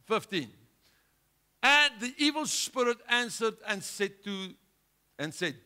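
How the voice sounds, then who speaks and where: A male pastor preaching a sermon with a South African accent, swinging between loud urgent exhortation and quiet, low asides. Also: very animated, takes it slowly, long pauses, clean tone. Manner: impassioned preaching, rising loud then dropping low.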